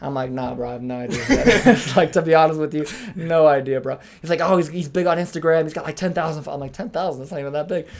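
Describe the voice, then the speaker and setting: Fast-talking young man telling a story. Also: fairly high pitch. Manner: fast, animated, swears freely, acts out quotes. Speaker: podcast host. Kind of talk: casual storytelling chat.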